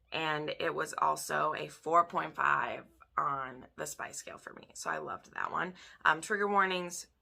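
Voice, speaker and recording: Chatty woman with a gravelly, bright voice. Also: lowish voice. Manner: chatty, retells scenes with quoted voices, filler words. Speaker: book reviewer. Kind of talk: casual book review chat.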